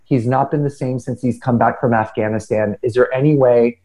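A middle-aged man telling personal stories in casual conversation, earnest and animated, often restarting his sentences. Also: medium pitch, brisk, poor audio. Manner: animated, earnest, self-deprecating with frequent restarts. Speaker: podcast guest speaker.

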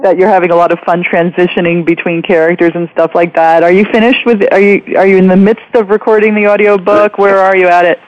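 A man's voice: sits high, steady tone, quick pace, hardly any pauses, muffled recording. A man hosting an interview, upbeat and encouraging with his guest. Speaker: interviewer host. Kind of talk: casual interview chat.

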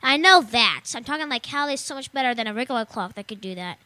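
A woman's voice: fairly high pitch, animated, fast talker, pushed and bright, no room sound. A young woman co-hosting a casual tech show, rambling and joking and laughing often as she reads out gadget news. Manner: giggly, rambling, jokey, reads then riffs. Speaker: show co-host.

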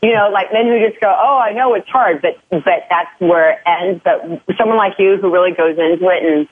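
A woman's voice: fairly low pitch, fairly quick, slightly rough. A woman guest in a casual chat who talks candidly and often restarts her sentences. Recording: tinny phone line.

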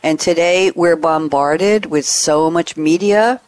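A woman's voice: low voice, slow, a little mellow. Upbeat woman hosting a podcast. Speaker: host. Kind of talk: podcast host chat.

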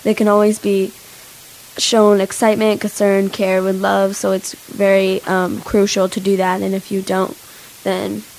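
A woman's voice: medium pitch, monotone, unhurried, creaky, a little mellow, poor audio. A teenage girl co-hosting a kids' radio show, reading aloud hesitantly with fillers. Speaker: young co-host. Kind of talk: casual chat.

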